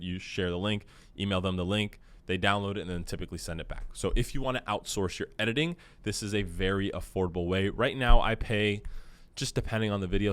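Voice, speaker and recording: A man's voice: low-pitched, a bit bright. A young man casually walking through a video editing tutorial with a practical tone and frequent fillers, speaking into a close mic. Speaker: course instructor. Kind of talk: screen-recorded editing tutorial.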